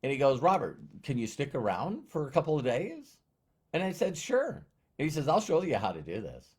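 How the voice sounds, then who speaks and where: Animated husky male storyteller. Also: mid-range voice, brisk. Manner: animated, acts out dialogue. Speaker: motivational speaker. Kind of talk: storytelling talk.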